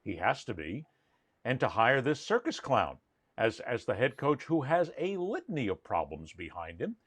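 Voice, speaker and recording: A man's voice: medium pitch, very animated, moderate pace, a bit bright, breathy edge, no room sound. A man hosting a sports talk show, teasing his panelists and joking around. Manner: teasing, jokey. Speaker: show host.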